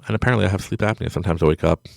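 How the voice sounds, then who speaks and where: A middle-aged man hosts a nighttime podcast from home, offering a casual, rambling motivational monologue full of self-deprecation and frequent laughter. His low voice is creaky and a little mellow, and he talks rapid-fire in a dry, studio-quality recording.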